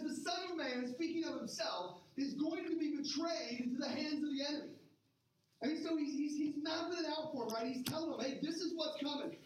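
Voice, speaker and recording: Woman, preacher, animated sermon, acts out crowd voices, high voice, distant mic, booming hall echo. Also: a little hiss or hum. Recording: echoey hall, heard from a distance.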